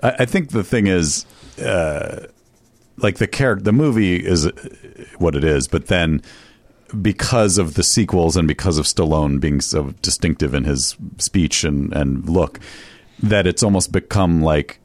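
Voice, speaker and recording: A man's voice: sits low, expressive, unhurried, no room sound. A man co-hosting a comedy podcast, dropping dry, wry asides and reading the show's announcements. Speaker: podcast co-host. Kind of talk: casual comedy podcast chat.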